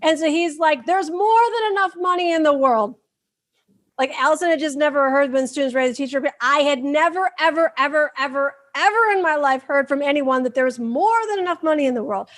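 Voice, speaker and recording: A high-voiced woman from Michigan, talking as a guest on a conversational show. She tells her story with lively energy and slips in and out of little acted voices and quotes. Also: quick pace, hardly any pauses. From Michigan, USA. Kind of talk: animated personal storytelling.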